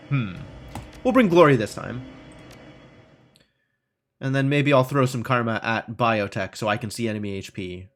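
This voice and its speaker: A man streaming a game, reading its text aloud and thinking out loud in a wry, self-mocking way. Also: medium pitch, moderate pace, long pauses.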